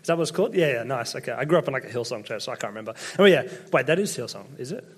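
A man's voice: medium pitch, expressive, rapid-fire, husky. A young Australian man giving a casual sermon, telling chatty, self-deprecating stories to a church congregation. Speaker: preacher.

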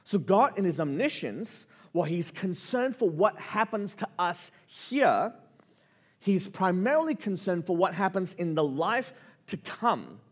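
A male preacher delivers a sermon in a lively, swinging voice. He tells a personal story and his pitch climbs as he gets excited. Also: unhurried, slightly rough. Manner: animated storytelling, voice rising with excitement. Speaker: pastor.

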